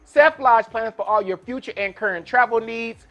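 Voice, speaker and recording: A man's voice: extremely high pitch, normal speed, pushed and bright, lo-fi sound. A man hosting a live cooking demonstration in a kitchen, talking casually and folksily to his viewers. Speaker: cooking show host. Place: kitchen with induction burner.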